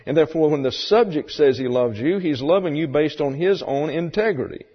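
Male Bible teacher, folksy lecture, husky voice, muffled hall recording. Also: on the high side, lively intonation, fairly quick. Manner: folksy, explanatory, rhetorical questions. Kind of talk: sermon lecture.

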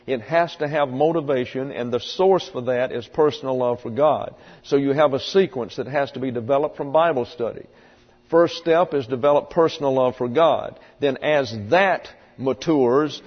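Slow-preaching man in an echoey hall. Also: medium pitch. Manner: slow, deliberate teaching with many uh fillers. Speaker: pastor. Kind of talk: sermon. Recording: dull, echoey hall recording.

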